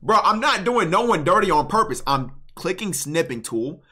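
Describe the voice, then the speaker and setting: A young man runs a live stream, trading slangy banter with callers and snapping back at his chat. His voice is bright and swings widely in pitch. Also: big pitch swings. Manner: loose slangy banter, quick outbursts at chat.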